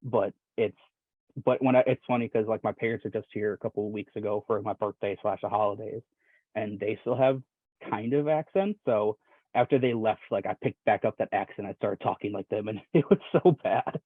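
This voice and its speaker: A young Wisconsin man chats casually as a podcast guest, rambling with many fillers and restarts and laughing often. His voice is lowish and slightly rough, he talks a little fast, and the dry, tinny line sounds like a phone, without echo.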